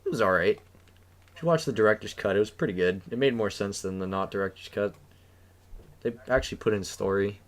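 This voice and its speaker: Lowish-voiced man ranting casually. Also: a little fast. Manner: ranting, swears freely, bursts into loud outbursts. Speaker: podcast co-host. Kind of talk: casual chat.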